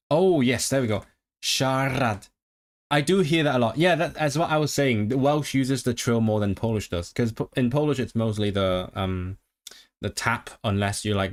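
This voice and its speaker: A man's voice: on the low side, expressive, moderate pace. A man streaming live, repeating sounds over and over as he practices rolled Rs and chats with viewers. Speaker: language-learning streamer. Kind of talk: casual livestream practice.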